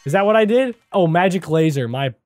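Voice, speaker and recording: A man giving jokey, excitable let's-play commentary as a gaming YouTuber, talking to the character on screen. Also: high-pitched, brisk, no room sound, faint music behind.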